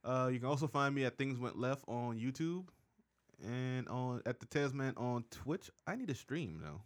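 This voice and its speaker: A man's voice: medium pitch, expressive, moderate pace. A man from Charleston, South Carolina, a guest in a casual chat, blunt, profane and joking.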